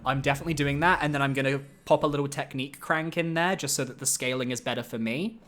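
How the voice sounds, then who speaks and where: Excitable man streaming a game. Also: fairly high pitch. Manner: excitable, swears freely, rambling asides. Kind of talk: casual gameplay commentary.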